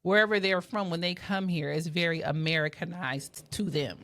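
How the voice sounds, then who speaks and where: A woman's voice: on the low side, steady tone, moderate pace, a bit bright. A woman hosting a reaction video, chatting conversationally and speaking straight to her viewers. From Washington DC area. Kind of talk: casual reaction commentary.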